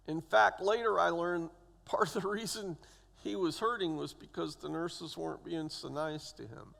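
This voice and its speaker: A man's voice: a little high, moderate pace, gravelly, fairly bright tone. A man in his sixties, a church elder, giving a personal testimony in a church, acting out the voices of the people in his story. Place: church sanctuary. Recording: long church hall reverb.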